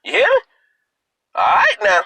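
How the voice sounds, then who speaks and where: A man's voice: high voice, huge pitch swings, unhurried, pushed and bright, slightly rough, no echo, voice pushed up, heavily acted, low-quality recording. A man voicing his old grandfather, who scolds and coaxes his grown daughter and keeps repeating "now". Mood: coaxing lecture.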